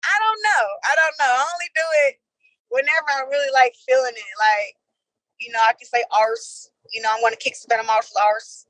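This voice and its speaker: A woman boxer chatting casually as an interview guest, telling animated, laughing stories. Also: high voice, fast, no echo, rough recording.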